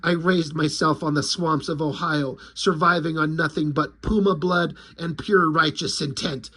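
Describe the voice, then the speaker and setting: A man's voice: fairly high pitch, steady tone, moderate pace, a bit bright, voice pushed down. A man voicing a grim, self-serious male vigilante who speaks in overblown tough-guy boasts. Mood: brooding.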